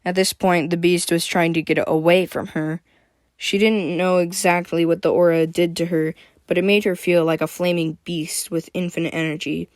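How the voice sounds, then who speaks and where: Woman reading a fantasy story, lowish voice. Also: level tone, normal speed, no echo, clean studio sound. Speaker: narrator. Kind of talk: reading her own fantasy story aloud.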